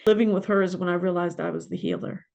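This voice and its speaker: Middle-aged woman with a gravelly voice. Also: lowish voice, fairly even intonation, darkish tone. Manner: emotional, halting, with pauses and fillers. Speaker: podcast guest, spiritual mentor. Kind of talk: personal storytelling.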